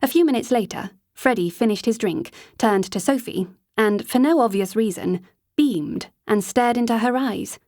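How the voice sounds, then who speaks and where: A woman's voice: fairly high pitch, normal speed, darkish tone, no echo. Woman narrating an audiobook, dry close sound. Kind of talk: scripted narration.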